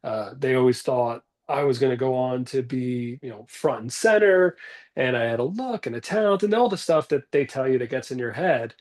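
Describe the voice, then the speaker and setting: A man's voice: medium pitch, animated, moderate pace, a little mellow. Rambling man on a video call. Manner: rambling, self-deprecating storytelling. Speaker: actor guest. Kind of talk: casual interview talk. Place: his bathroom at home.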